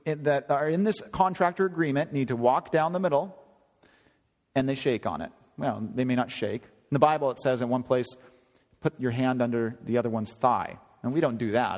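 A man preaching in a casual, conversational way, his voice jumping higher when he stresses a point. His voice carries a long hall reverb, as if from a church hall. His pitch sits mid-range for a man. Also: brisk. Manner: conversational, animated, rising to high emphasis. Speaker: pastor. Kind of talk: sermon.

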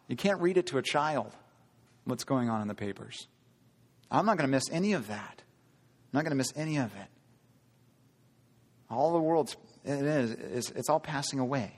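A man preaching a sermon, earnest, asking the congregation rhetorical questions and slowing down for emphasis. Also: medium pitch, breathy edge, in a large hall. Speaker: pastor.

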